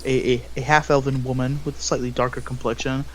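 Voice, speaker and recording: A man narrating as game master in a tabletop game, halting with frequent restarts and fillers. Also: medium pitch, level tone. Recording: noisy home recording.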